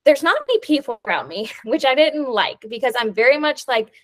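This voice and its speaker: Young woman podcast host, slightly high voice, chatty and rambling with lots of "like.". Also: lively intonation, brisk. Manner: chatty storytelling, many "like" fillers. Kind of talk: casual chat.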